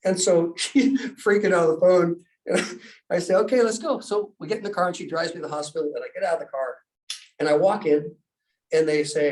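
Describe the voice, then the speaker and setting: A man's voice: a little high, fairly quick, darkish tone. A man telling a story casually in conversation, laughing as he goes and acting out the other people's lines. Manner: chatty, laughs while telling stories, acts out dialogue. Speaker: guest speaker. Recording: distant from the mic.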